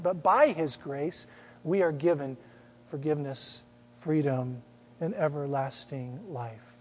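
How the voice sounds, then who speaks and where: High-voiced pastor preaching in a reverberant church. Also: male voice. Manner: storytelling, rhetorical questions, emphatic. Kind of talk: sermon.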